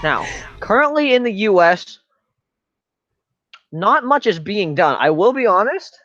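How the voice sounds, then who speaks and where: A man's voice: sits high, big pitch swings, unhurried, pauses often, fairly bright tone, muffled recording, slight background noise. A man giving a joking class presentation in a slangy, rambling, mock-serious way. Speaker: student presenter.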